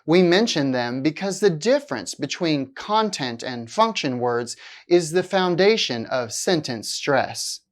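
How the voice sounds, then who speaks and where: A woman teaching English, reading a scripted lesson slowly and deliberately, with exaggerated stress on key words. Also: low-pitched, animated.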